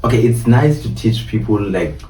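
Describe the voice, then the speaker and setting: A man's voice: on the low side, animated, normal speed, dark tone. A man hosting a casual interview, asking questions and giving short, supportive replies. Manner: brief supportive backchannels. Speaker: host. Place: in a car. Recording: roomy sound, mic at a distance.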